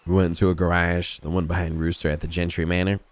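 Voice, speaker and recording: A man with a very low voice tells a long story in character, swearing freely and circling back with "you know what I mean." The sound is dry and close, with no room around it. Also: little pitch movement, fast, no room sound. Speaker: roleplay gamer. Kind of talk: in-character roleplay chat.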